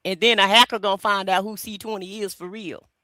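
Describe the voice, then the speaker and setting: A man's voice: high-pitched, fairly even intonation, a little fast, sharp tone, no room sound. A man co-hosting a casual talk show, making emphatic points. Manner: emphatic, lecturing. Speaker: podcast co-host. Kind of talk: casual chat.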